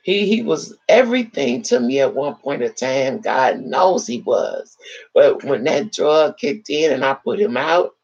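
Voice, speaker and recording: Raspy woman telling a hard story. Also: low-pitched, highs cut off. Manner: dramatic, animated retelling with acted-out quotes. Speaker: live video host. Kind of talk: emotional personal storytelling to live viewers. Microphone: live video chat setup.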